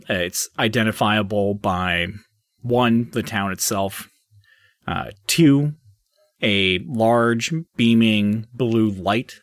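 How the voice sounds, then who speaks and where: A man narrating a tabletop game as dungeon master, casual and halting with fillers. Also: on the low side, fairly bright tone, no echo, clean studio sound.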